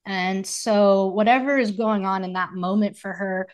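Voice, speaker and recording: A woman's voice: mid-range voice, steady tone, measured pace. Thirties woman, podcast co-host, earnest and reflective, talks in long flowing thoughts. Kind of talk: casual conversation.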